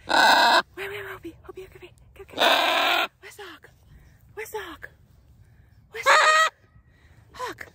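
Bubbly high-pitched woman vlogging outdoors. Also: measured pace, long pauses, heavy background noise. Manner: bubbly and excitable. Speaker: vlogger and parrot owner. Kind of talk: casual outdoor vlog. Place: sunny park outdoors.

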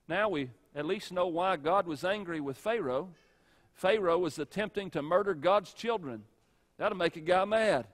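A male pastor preaching a sermon, emphatic, with dramatic pauses and swings between loud and soft. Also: high-pitched, big-room sound. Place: church sanctuary.

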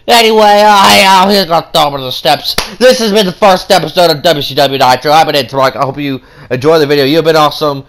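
A man hosting a gaming channel, giving excited play-by-play wrestling commentary over a video game and dropping into quiet muttered asides between the big moments. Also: fairly high pitch, a little fast, few pauses.

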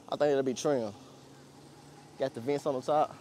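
A young man with a warm, medium-pitched voice presents a pickup truck outdoors for his car vlog, speaking at normal speed with fairly even intonation. He chats casually, rambles in slang, and laughs frequently.

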